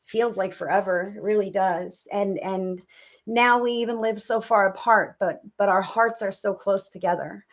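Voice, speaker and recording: A woman's voice: medium pitch, moderate pace. A woman doing live psychic readings on a stream, chatting with viewers in a gushing, affectionate, rambling way.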